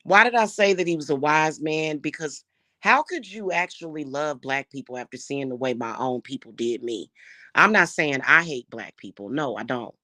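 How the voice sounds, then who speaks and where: A middle-aged woman with a notably low, deep voice, recorded close and dry with no room sound. She vents straight to camera in a heated, profane rant. She repeats herself and trips over restarts as she goes. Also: lively intonation, moderate pace, pushed and bright, no room sound. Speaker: spiritual reader and spellwork vlogger. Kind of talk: unscripted angry rant to camera.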